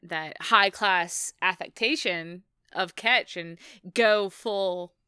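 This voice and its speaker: A woman's voice: mid-range voice, slow, bright, forceful tone, clean tone, dry recording, studio quality. A woman co-hosting a podcast in casual chat, chatty and laughing often, with many restarts. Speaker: podcast co-host.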